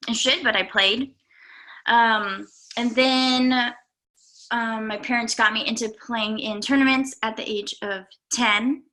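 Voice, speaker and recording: A young adult woman, a golf coach, giving an earnest, halting talk to her students with many pauses and fillers. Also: fairly high pitch, bright, forceful tone. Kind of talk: speech to students.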